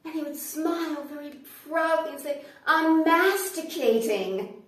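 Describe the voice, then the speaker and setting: Sarcastic lady doing stand-up, highish voice, far off the mic, goes quiet then loud. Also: level tone, normal speed, very echoey. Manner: sarcastic, swings from hushed asides to loud outbursts. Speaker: comedian. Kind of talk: stand-up comedy monologue.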